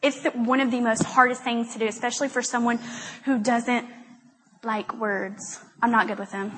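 Speaking with a higher-pitched, flat delivery, a young woman rambles through a self-deprecating testimony at a church event. She's chatty and laughs readily, with slight background noise and the long reverb of a hall around her.

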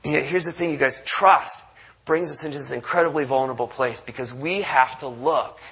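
A man's voice: on the high side, fairly quick, fairly bright tone, breathy edge. A man preaching a conversational sermon, acting out quotes and restarting often. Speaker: pastor.

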